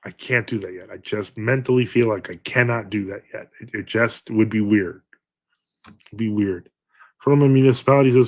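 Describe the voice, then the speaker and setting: A man's voice: mid-range voice, moderate pace. Chatty, rambling male priest streamer. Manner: rambling, many fillers, wry self-mocking humor. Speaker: Orthodox priest hosting a livestream. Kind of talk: casual livestream chat reading viewer comments.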